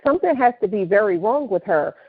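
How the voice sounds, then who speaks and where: A woman's voice: medium pitch, fast, no echo. A woman co-hosting a podcast, telling a story in casual chat and acting out the people she quotes. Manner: animated storyteller, acts out quoted voices. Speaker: podcast co-host. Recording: dull, slightly lo-fi dry studio sound.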